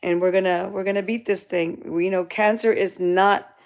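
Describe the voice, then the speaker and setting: A middle-aged woman talking to her live-stream viewers in a halting, emotional way, with many restarts and fillers. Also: medium pitch, fairly even intonation, clean tone. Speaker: channel co-host talking to live chat.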